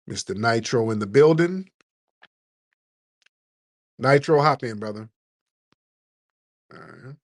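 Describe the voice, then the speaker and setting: A man hosting a call-in talk show, blunt and teasing, with casual slang. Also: lowish voice. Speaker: host.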